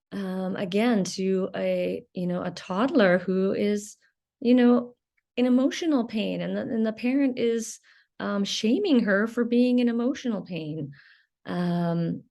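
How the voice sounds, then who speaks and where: A woman talks through a reflective solo podcast at a middle pitch. She pauses often, filling gaps with ums and restarting her sentences as she thinks aloud. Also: creaky, darkish tone. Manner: hesitant, many ums and restarts. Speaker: podcast host.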